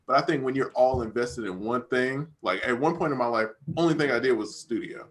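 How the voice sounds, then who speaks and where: A young man, a music producer, co-hosting a podcast and talking casually in relaxed slang, often saying "dog" and "bro.". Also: mid-range voice, fairly quick. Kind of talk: casual chat.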